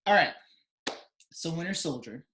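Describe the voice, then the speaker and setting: A man's voice: a little high, lively intonation, unhurried, bright, forceful tone, a little hiss or hum. A man co-hosting a casual chat podcast over a remote video call, joking and bantering. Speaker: podcast co-host.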